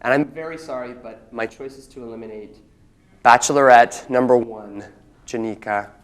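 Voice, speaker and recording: Young male bachelor contestant, mid-pitched voice, stammers and rambles through questions with awkward restarts. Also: moderate pace. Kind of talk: comedic dating game show.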